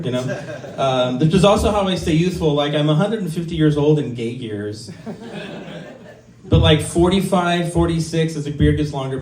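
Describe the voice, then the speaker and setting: At an open mic in a small comedy venue, a comic in his fifties rambles through a crude, self-mocking set full of ums. He speaks in a slightly mellow, mid-range voice, captured in a roomy space from a distant mic.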